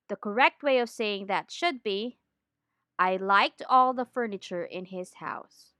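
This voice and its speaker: A woman giving a scripted lesson on training, in a clear, deliberate teaching manner. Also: on the high side, lively intonation, pushed and bright, dry recording, studio quality. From Philippines. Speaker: accent trainer.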